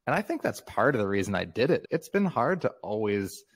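A man in his fifties, a memoir author, talking as a podcast guest in a relaxed, reflective way and laughing often. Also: on the low side, brisk, slightly rough. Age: 50s. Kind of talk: casual interview conversation.

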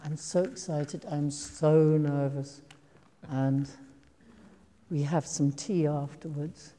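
An older actress with a low, very mellow, steady voice shares career anecdotes with an audience. She speaks slowly and reflectively, lingering on ums and breaking into soft laughs, while a large hall lends a long reverb.

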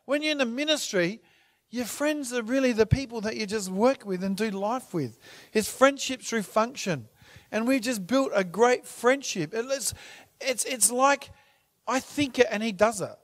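A man's voice: very high-pitched, moderate pace. A man pastor introducing a preacher to his church, emphatic and rallying.

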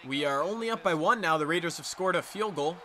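Guy hyping up his football game run, high voice, sing-songy trash talk. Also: animated, fast, bright, forceful tone. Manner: hyped, trash-talking, sing-song exclamations. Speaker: gaming YouTuber. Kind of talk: excited gameplay commentary.

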